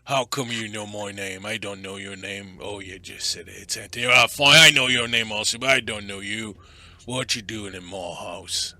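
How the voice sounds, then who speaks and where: A man voicing a huge, grumpy male rock troll in a tabletop game, with a gruff, suspicious way of talking that turns to soft cooing. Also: fairly low pitch, moderate pace, no echo.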